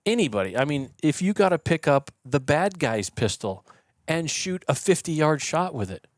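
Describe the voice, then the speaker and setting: A man guesting on a podcast, explaining in a casual, animated way and acting out the yelling of the people he quotes. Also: on the high side, moderate pace, no room sound, studio quality. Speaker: podcast guest, shooting instructor. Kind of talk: conversational explaining. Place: podcast studio.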